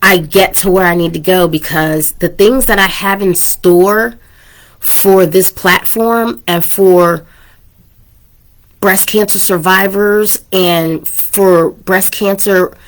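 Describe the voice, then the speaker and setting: A woman in her thirties hosts her own podcast, speaking slowly in a mid-range voice with fairly even intonation. She talks to listeners casually and earnestly about personal things, at times becoming emotional and teary.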